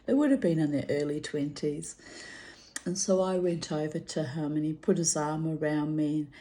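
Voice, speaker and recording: A woman's voice: low-pitched, normal speed, warm tone. Chatty older woman telling stories. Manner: chatty, laughs often, lots of fillers. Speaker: vlogger. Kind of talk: rambling personal storytelling.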